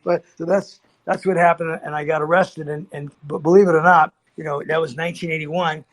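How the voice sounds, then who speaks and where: This low-quality recording captures a fairly high-pitched male voice. He's an older podcast guest spinning an animated, rambling yarn, voicing the characters' quotes himself while frequently restarting and dropping in fillers.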